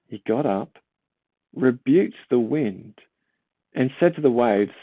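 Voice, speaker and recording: A man's voice: mid-range voice, moderate pace, dry recording. A man reading a Bible passage and then explaining it in an informal teaching style, talking conversationally, asking listeners rhetorical questions and repeating words as he thinks. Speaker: church Bible reader and teacher. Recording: tinny phone-like, dry sound.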